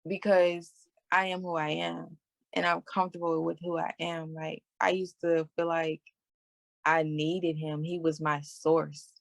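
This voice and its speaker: A woman's voice: sits low, flat delivery, unhurried, vocal fry, no room sound. A young adult woman hosting a casual podcast chat, speaking candidly about relationships in a conversational way. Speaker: podcast host.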